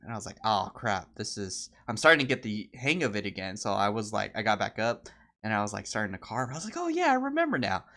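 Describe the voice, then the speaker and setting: A man co-hosting a podcast, chatting casually and telling stories, acting out quoted people in high voices. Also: fast talker. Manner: animated storyteller, acts out quotes in high voices. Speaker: podcast co-host. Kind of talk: casual chat.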